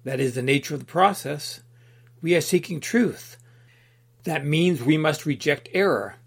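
A man's voice: on the high side, animated, measured pace, creaky, breathy edge, full character voice. A man voicing an earnest young seeker.

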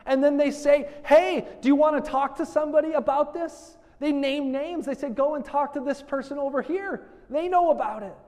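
A man preaching a sermon as pastor, animated, acting out the voices he quotes. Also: extremely high pitch, normal speed, few pauses. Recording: long hall reverb.

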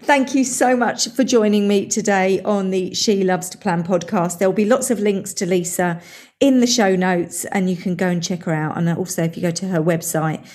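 A woman's voice: medium pitch, normal speed, a little mellow. A woman hosting a podcast, chatting in an upbeat way and laughing a lot. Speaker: podcast host. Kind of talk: casual interview chat.

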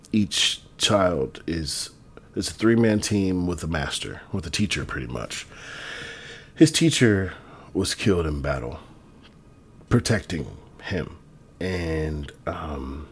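A man talking in a loose, rambling, profane casual monologue. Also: lowish voice. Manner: rambling, profane, laid-back. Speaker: vlogger.

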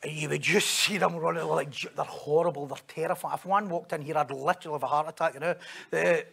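A man's voice: a little high, fairly even intonation, fast talker, gravelly, fairly bright tone, slightly rough. A man with a Scottish accent preaching a sermon, telling stories, joking and acting out the voices of the people he quotes.

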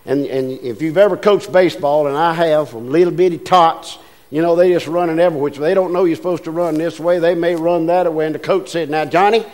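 An older man preaches with a drawl, his voice sitting high for a man. He spins homespun anecdotes in an easy, folksy sermon style and breaks into little voices for the people in his stories. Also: a little mellow.

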